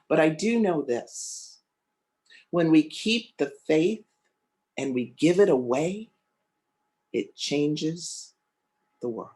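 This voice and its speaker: Man giving a heartfelt storytelling sermon. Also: sits high. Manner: heartfelt storytelling with slow emphatic pauses. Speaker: guest speaker.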